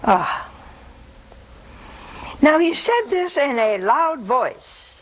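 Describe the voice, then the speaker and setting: A woman's voice: high voice, big pitch swings, very slow, rough recording. A woman in her seventies giving a reflective sermon, dropping to a whisper at times. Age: 70s. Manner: reflective, drops to a whisper for quoted words. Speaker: preacher.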